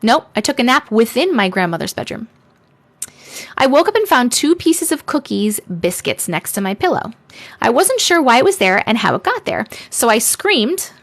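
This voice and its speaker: A woman hosting a live stream reads viewer stories with playful chatter and sarcastic asides, using a desk microphone. Her voice is a little high and a bit bright, swinging widely in pitch at a moderate pace.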